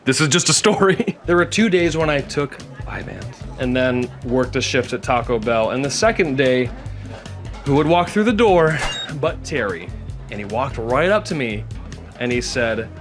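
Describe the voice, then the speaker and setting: A man's voice: mid-range voice, normal speed. A man telling a funny story in a rambling, casual way, with music underneath. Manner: rambling and animated. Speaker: comedic storyteller.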